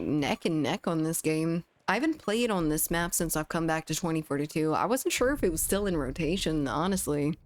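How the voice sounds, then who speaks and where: Low-voiced woman streaming games. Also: slight background noise. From United States. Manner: chatty, answers chat, swears casually. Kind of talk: casual gaming livestream chat.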